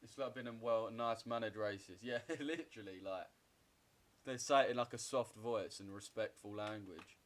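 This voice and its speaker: A trading streamer in his 20s with a fairly low voice chats loosely during a livestream trading session. At normal speed, he trades profane banter and answers viewers' chat.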